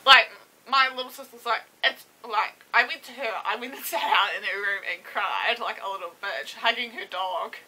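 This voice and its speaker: A young woman telling a story to camera in a casual vlog, emotional and halting as she holds back tears. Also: mid-range voice, sharp tone, poor audio. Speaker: vlogger. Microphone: camera mic, seated.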